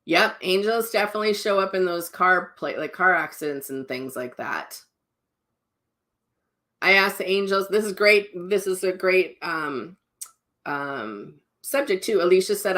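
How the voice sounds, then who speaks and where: A woman's voice: lowish voice, expressive, normal speed, fairly bright tone. A middle-aged woman, a psychic medium telling personal stories in a casual, rambling way, full of restarts and asides. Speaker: psychic medium and spiritual teacher.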